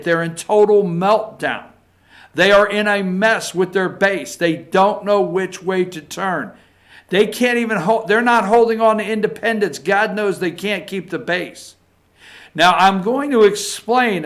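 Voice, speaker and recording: A man with a high, somewhat bright voice delivers a political opinion monologue as a regular on a show. He is emphatic and repetitive, tagging his points with "okay?"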